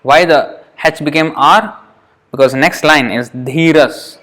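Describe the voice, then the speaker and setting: A man's voice: on the high side, fairly bright tone. Patient man teaching verse pronunciation. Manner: patient, repeats words slowly to demonstrate pronunciation; halting, with fillers and self-corrections. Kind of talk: classroom lesson.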